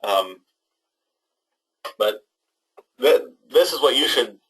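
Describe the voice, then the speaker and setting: A man's voice: mid-range voice, lively intonation, takes it slowly, fairly bright tone, husky, rough recording. A young man teaching an online class to students, talking casually and hesitantly with many ums and restarts. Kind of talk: casual webinar talk to students.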